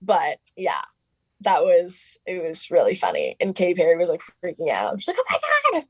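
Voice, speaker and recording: A young woman, a singer being interviewed, telling her story in a chatty casual way, full of "like" and quick quoted asides. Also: lowish voice, husky, dry recording. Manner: chatty, fillers of "like" throughout, quoting others in lively bursts.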